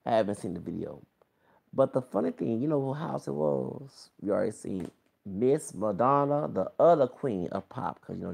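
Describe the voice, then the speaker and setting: A man's voice: mid-range voice, vocal fry, a little mellow. A man in his thirties giving a casual, rambling gossip commentary to his viewers, full of exclamations and asides. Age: 30s. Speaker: vlogger.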